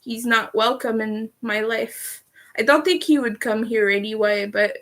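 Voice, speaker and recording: A Canadian woman chats through a relaxed livestream, taking her time over every sentence. Her voice sits a little high, and she laughs often and swears casually. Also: a little slow. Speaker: livestream host. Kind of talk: casual livestream chat while crocheting.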